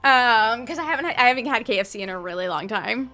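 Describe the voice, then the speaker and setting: A woman's voice: on the high side, animated, fast, bright, forceful tone, soft background music. A woman narrating as game master of a tabletop game, chatty and full of filler words.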